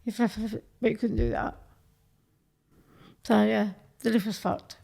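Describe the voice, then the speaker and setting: A woman's voice: mid-range voice, big pitch swings, normal speed, gravelly, warm tone, slightly rough. A woman, telling blunt, sweary stories as a podcast guest in a studio. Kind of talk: casual chat.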